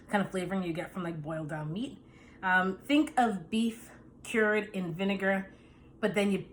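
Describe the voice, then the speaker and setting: A woman tastes food on camera and talks through her wine pairing in a loose, chatty way, savoring each bite. Her voice sits at a middling pitch, and a faint room hum stays underneath. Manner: chatty, savoring, relaxed with fillers. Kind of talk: casual tasting talk to camera.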